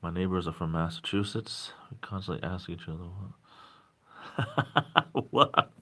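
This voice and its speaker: Chatty forties man, southeastern New England accent, low voice, casual live stream host. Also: normal speed. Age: 40s. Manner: rambling, reads viewer chat aloud and answers it; speeds up when excited.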